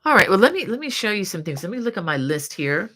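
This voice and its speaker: A woman's voice: mid-range voice, sing-song, quick pace, bright, forceful tone. A woman in her fifties from the United States, a crochet channel host chatting casually on a live stream, reading viewer comments aloud with many fillers.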